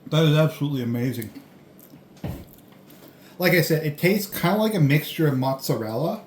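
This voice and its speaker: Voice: medium pitch, lively intonation, fairly quick, echoey room, slight background noise. A food vlogger tasting a delivered meal at home, rambling and thinking aloud between bites, filmed on a camera set on a tripod. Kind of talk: casual food-tasting vlog.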